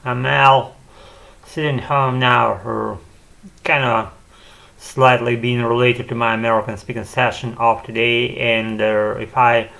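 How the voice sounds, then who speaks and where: A man's voice: medium pitch, level tone, a little slow, vocal fry, sharp tone. A man at home, talking on in a rambling solo monologue with many fillers and restarts, and casual swearing. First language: Ukrainian. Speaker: channel host practicing spoken English.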